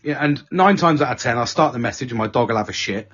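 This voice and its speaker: A man's voice: mid-range voice, expressive, quick pace, fairly bright tone, slightly rough. A man chatting casually as podcast host, swearing often and breaking into silly voices when quoting his friends. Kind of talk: casual chat. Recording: dull lo-fi sound.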